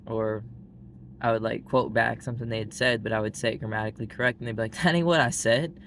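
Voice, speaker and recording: Flat-voiced Southern man, blunt and rambly. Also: fairly low pitch, fast, slight background noise. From Arkansas, US. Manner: blunt and frank, heavy use of "like" fillers. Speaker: vlogger. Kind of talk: casual monologue to camera.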